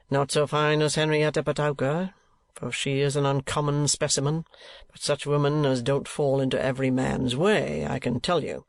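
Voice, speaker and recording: A man voicing a pompous, penny-pinching older male rate collector, slow and fussy in his talk. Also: on the high side, vocal fry, dry recording.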